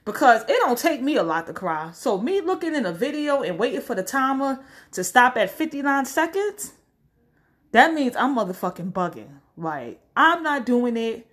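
A woman delivers a casual vlog rant full of blunt, profane advice. Her fairly high voice swings widely in pitch as she acts out quoted voices. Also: big pitch swings, moderate pace, a bit bright. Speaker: social media commentator. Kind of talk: casual direct-to-camera rant.

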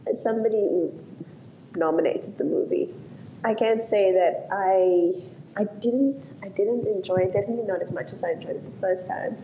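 A woman's voice: medium pitch, moderate pace, lo-fi sound, a little hiss or hum. Wry woman in an echoey room. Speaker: podcast co-host. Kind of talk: casual movie review chat.

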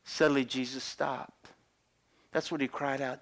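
A man's voice: mid-range voice, level tone, measured pace. A middle-aged man preaching a sermon as a pastor, acting out the voices of people in the Bible story.

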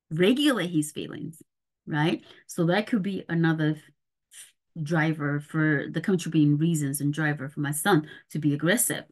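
A middle-aged woman parenting coach on a podcast, explaining step by step and often checking in with the listener. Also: low voice.

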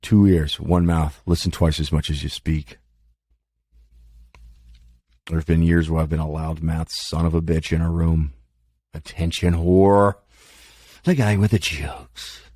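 A man's voice: a bass voice, steady tone, normal speed, dark tone, no echo. A man talking candidly about his life in a rambling, self-deprecating monologue, cursing freely, his mouth dry. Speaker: podcast host.

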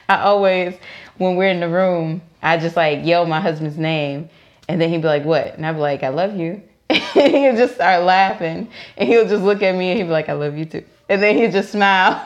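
A woman's voice: fairly low pitch, highs cut off. A young adult woman co-hosting a podcast in casual chat, laughing often as she talks. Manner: laughs often, chatty and relaxed. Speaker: podcast co-host.

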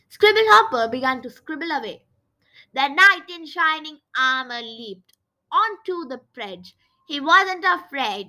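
A woman reads a children's storybook aloud in an animated, dramatic way. Her voice is high and bright, and her pitch swings widely from line to line. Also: low-quality recording. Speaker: storybook reader. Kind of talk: expressive children's book narration.

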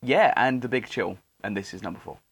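A young man co-hosting a casual film podcast, talking in a halting, rambling way with lots of restarts. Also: on the low side, slightly rough. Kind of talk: casual chat.

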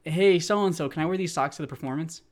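A young man in his twenties chats with a friend on a podcast. His voice sits slightly high, and he tells his stories in a deadpan way. He drops his voice for quoted lines. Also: fast. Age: 20s. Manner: dry storyteller who acts out quoted dialogue in a low, flat voice. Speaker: podcast co-host. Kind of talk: casual chat.

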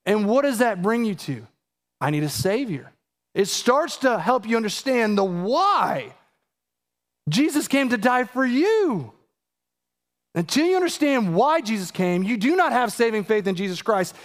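High-voiced urgent man preaching. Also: very animated, unhurried. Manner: emphatic, rising to urgent high peaks and asking the audience direct questions. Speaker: pastor. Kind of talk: sermon.

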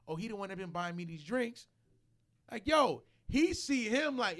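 A man's voice: sits high, big pitch swings, unhurried, vocal fry, a bit bright. A man hosting a casual podcast, arguing heatedly, swearing and repeating himself when fired up. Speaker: podcast host.

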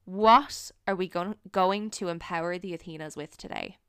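A young woman hosting a solo podcast, talking in an earnest, encouraging way with frequent pauses. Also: lowish voice, a bit bright, smooth, dry recording, studio quality. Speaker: podcast host. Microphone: studio microphone.

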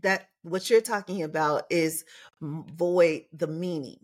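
A woman talks as a podcast guest about her therapy method. She speaks in a husky, breathy tone and keeps restarting her sentences. Her delivery stays earnest and explanatory. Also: fairly low pitch, measured pace. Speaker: therapist and company founder.

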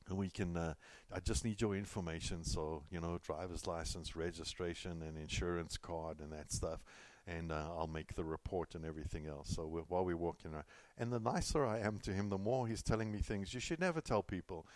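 With a low, darkish voice and no room sound, a middle-aged pastor from California gives a sermon that feels like conversation. He tells stories as he goes, repeating himself and slipping in asides.

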